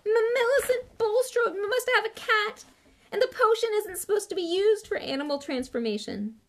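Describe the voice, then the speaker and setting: A woman voicing a clever, bossy schoolgirl witch in a high, squeaky voice, in a storybook reading. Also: sing-song, fairly quick. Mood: sobbing. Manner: high, squeaky, tearful at times.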